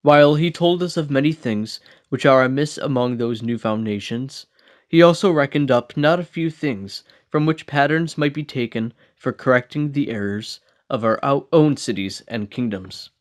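A man's voice: mid-range voice, normal speed. Man reading a classic book aloud. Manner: steady reading with small slips and restarts. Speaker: audiobook reader.

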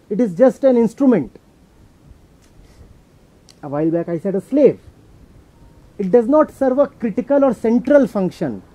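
A man from India with an Indian accent, a spiritual teacher answering a question at a talk, emphatic and repeating key words. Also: high voice. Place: talk venue indoors. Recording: dull audio with faint noise.

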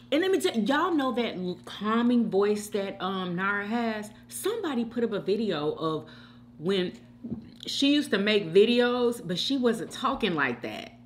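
A woman hosts a mukbang and chats casually between bites. Her pitch swings widely as she talks, and her voice has a bright, forceful edge. She is opinionated and speaks directly to her viewers. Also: a little hiss or hum. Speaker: mukbang host. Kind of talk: casual chat while eating.

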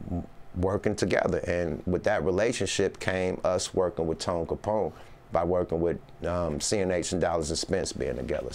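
In a casual interview, a rapper guest talks loosely and ramblingly, using Northern California slang and saying "you know what I mean" constantly. His voice sits low, gravelly and a little mellow, with slight background noise.

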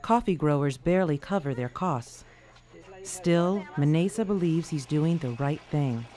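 A narrator reading a scripted documentary in an even, measured way. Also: mid-range voice. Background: music.

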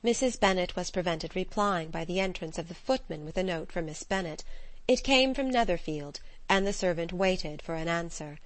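A woman narrating a classic novel in an even, measured reading voice. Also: lowish voice, no room sound. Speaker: audiobook narrator. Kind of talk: scripted narration.

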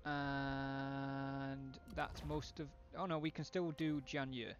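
A man's voice: medium pitch, level tone, slow pace, soft background music. A man thinking aloud with wry asides as he streams a strategy game live.

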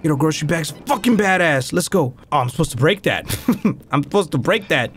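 A man giving excitable, profane let's-play commentary on a game, slipping into Spanish slang now and then. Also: fairly high pitch, fairly quick, background noise. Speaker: gaming YouTuber. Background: game music.

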